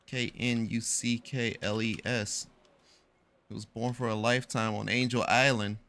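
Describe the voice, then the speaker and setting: A man's voice: mid-range voice, level tone, moderate pace, fairly bright tone. A young man chatting casually on a live stream, rambling and correcting himself as he tells a story in slangy talk.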